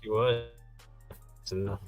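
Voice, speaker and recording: A man co-hosting a casual movie review, giving relaxed commentary. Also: fairly low pitch, measured pace, no echo, muffled recording, faint music behind. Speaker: co-host.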